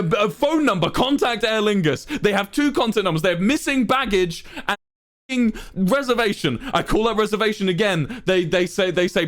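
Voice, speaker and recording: A young man streaming to his chat, retelling a frustrating ordeal in an exasperated, animated way and acting out the people in it. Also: high voice. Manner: acts out the people in his story. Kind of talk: casual livestream storytelling to chat.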